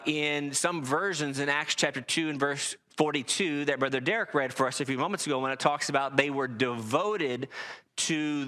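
A man's voice: on the high side, bright, forceful tone. A man preaching a sermon to a congregation, reading scripture aloud and making emphatic points.

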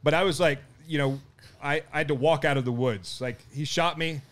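A middle-aged man, a podcast guest, tells a story in casual chat. He talks in an animated way, laughs often and acts out what people said. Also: on the high side, fairly quick.

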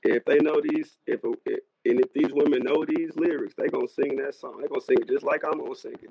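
A man's voice: medium pitch, fairly even intonation, fast talker, vocal fry, few pauses, a little hiss or hum. A man in his thirties talking bluntly in casual slang during a podcast debate, often repeating himself for emphasis. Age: 30s. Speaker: podcast co-host. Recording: lo-fi dry recording.

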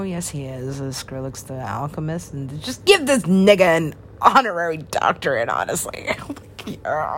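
A woman with a somewhat low voice rambles through a loose monologue. She laughs often and sometimes drops to a whisper. A faint hiss sits under her voice.

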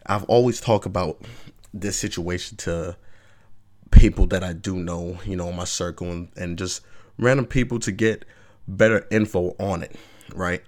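A man's voice: low voice, normal speed. A man hosting his own vlog, giving casual opinion commentary in an emphatic, rambling way with frequent rhetorical check-ins. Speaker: vlog host.

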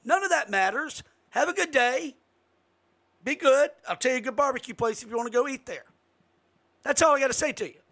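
Guy ranting about politics, pretty high voice, gets loud out of nowhere. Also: expressive, brisk. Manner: emphatic, rising to sudden loud outbursts. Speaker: political commentary host. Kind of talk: impassioned political monologue.

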